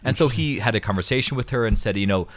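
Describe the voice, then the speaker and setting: A deep-voiced man in his thirties chats casually about his experiences as a priest. He rambles a little, restarting sentences and repeating words as he goes. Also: fast. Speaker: priest co-host. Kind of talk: casual storytelling chat.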